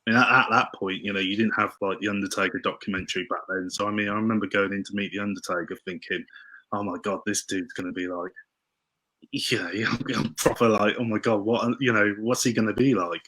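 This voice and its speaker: A man telling stories as a podcast guest, excitable and tripping over his words. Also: on the low side, fast talker, rough recording. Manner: excitable, tumbling restarts. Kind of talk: casual storytelling interview.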